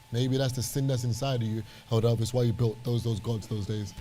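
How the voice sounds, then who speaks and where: A man's voice: mid-range voice, fairly even intonation, brisk, hardly any pauses, warm tone. A British man serving as a church elder, preaching with passion and repeating phrases for emphasis. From Britain.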